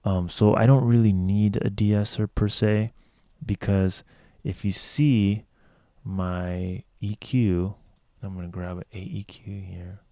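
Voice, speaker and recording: A man with a low voice gives a loose, rambling mixing tutorial from his home studio. He swears casually as he talks through settings. The sound is dry and close, with no room echo. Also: fairly even intonation, slow, warm tone. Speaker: music producer teaching mixing.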